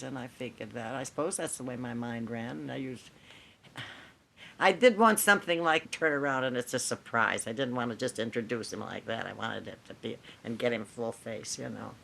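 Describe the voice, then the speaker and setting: Older woman, low gravelly voice, spinning stories in an old interview tape, little bit of hiss. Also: brisk. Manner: animated storytelling with laughs and mimicry. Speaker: radio writer, interviewee. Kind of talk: archival interview, anecdotes.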